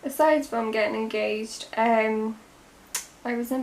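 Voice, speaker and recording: A young Irish woman vlogging as she does her makeup, rambling and chatty, sometimes dropping into soft half-whispers. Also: on the high side, fairly even intonation, unhurried. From Ireland. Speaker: beauty vlogger. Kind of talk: chatty get-ready-with-me vlog. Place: home room.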